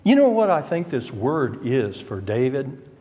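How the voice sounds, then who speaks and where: Husky, slow male Bible teacher with reverb. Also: medium pitch, very animated, warm tone, muffled recording. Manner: emphatic, rises sharply on key words; addresses the class directly with questions. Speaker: adult Sunday school teacher. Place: church classroom. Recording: long reverb of a church hall.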